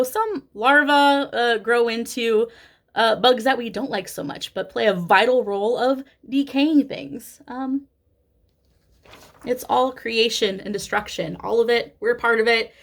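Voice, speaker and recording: Midwestern woman, 30s, relaxed slow vlog chatter with a higher-pitched voice. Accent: Midwestern American. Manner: chatty, candid, sprinkles in swearing and laughter. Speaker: cross-stitch vlogger. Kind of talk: casual chat.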